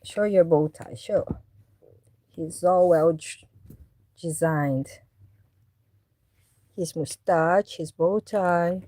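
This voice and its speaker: A woman vlogging casually about her cats, coaxing them with meows and baby talk between relaxed explanations. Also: fairly low pitch, extremely slow, pauses often, no room sound. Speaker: cat owner and vlogger. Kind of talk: casual vlog narration.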